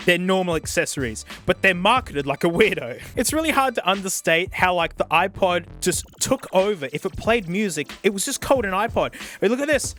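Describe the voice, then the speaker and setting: A young man giving a casual, comedic product review, excitable and mock-outraged, laughing often. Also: high voice. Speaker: tech YouTuber. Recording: faint music behind.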